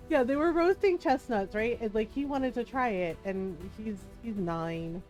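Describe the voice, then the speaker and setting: A woman's voice: medium pitch, animated, takes it slowly, darkish tone, muffled recording, soft background music. A woman streamer chatting casually with her viewers as she plays, rambling and laughing often. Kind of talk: casual chat while streaming a game.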